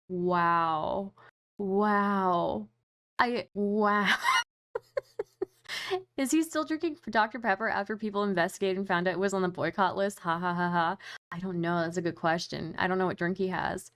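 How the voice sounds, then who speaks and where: A woman streamer giving excitable, mocking reaction commentary, laughing often and swearing casually. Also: medium pitch, moderate pace, no room sound.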